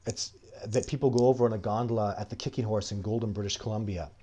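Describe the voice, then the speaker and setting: A man's voice: fairly low pitch, fairly even intonation, fast, dark tone. Rambling man hosting a live stream. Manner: rambling, gets heated and indignant. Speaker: host answering live chat questions. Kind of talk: casual live-stream chat.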